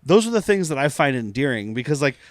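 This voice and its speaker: A man's voice: medium pitch, sing-song, fast, no room sound, clean studio sound. A man co-hosting a podcast, recapping an episode in loose chat, laughing often and swearing casually. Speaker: podcast co-host.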